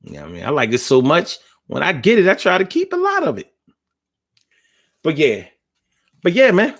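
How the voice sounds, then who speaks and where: A man's voice: on the high side, huge pitch swings, normal speed, a bit bright. A man hosting a casual livestream talk, ranting bluntly and profanely in slangy street talk while reading viewer comments. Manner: blunt, profane, preachy rant.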